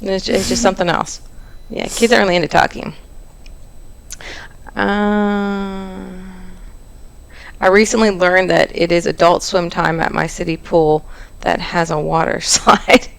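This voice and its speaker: A woman's voice: lowish voice, steady tone, a little slow, vocal fry, long pauses, poor audio. A young adult woman hosting a casual chat about online stories, joking and often restarting her sentences. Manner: chatty, joking, with frequent restarts. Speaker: host.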